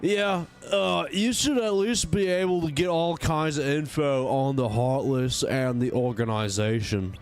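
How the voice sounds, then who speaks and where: A laid-back middle-aged mechanic with a drawling Californian accent, as a man puts him on while reading along. He speaks slowly, with background music faintly under him. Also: fairly high pitch. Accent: Californian, put on.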